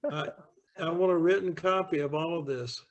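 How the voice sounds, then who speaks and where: A soft-spoken man, the guest of honor, joking with his family. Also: a little high, moderate pace, highs cut off, a crowd in the background.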